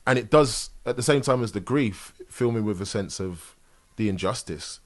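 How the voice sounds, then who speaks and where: A man hosting a casual interview, talking in a soft, reflective way that often drops to a murmur. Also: lowish voice, expressive, normal speed. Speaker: host. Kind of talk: casual video-call interview.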